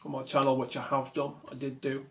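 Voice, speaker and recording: A man's voice: mid-range voice, completely flat delivery, a little fast, creaky, a bit bright. A man hosting his own channel, talking earnestly and thankfully in a rambling way and often correcting himself mid-sentence. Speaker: model railway channel host. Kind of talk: reflective to-camera vlog talk.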